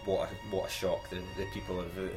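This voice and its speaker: Very deep male panelist, quiet, off-mic with clear music under him. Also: little pitch movement, fairly quick. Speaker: podcast panelist. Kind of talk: casual film discussion.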